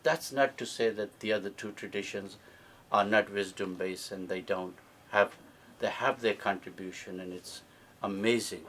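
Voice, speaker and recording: A man's voice: lowish voice, fairly even intonation, normal speed, a bit bright, a little hiss or hum. A man giving an interactive teaching talk to a live audience at an event, quizzing listeners and often checking in with "yeah?". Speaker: speaker at a book launch.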